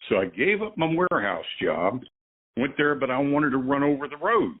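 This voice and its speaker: A man's voice: medium pitch, lively intonation, moderate pace. An older man, a veteran truck driver and guest, telling rambling stories with chuckles in a casual conversation. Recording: tinny phone line.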